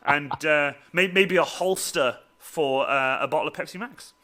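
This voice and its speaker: A man's voice: a little high, a little slow, bright, forceful tone. A man hosting a casual chat, rambling with many fillers and restarts. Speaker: host.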